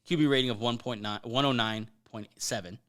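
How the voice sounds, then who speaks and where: A man hosting a sports podcast, talking things through in a casual way. His voice is bright and forward at a middling pitch. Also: a little fast. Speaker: podcast host.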